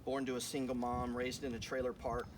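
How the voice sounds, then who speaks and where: A man's voice: medium pitch, little pitch movement, brisk, a little hiss or hum. A man hosting a finance channel, giving a blunt, profane, confrontational motivational rant full of rhetorical questions.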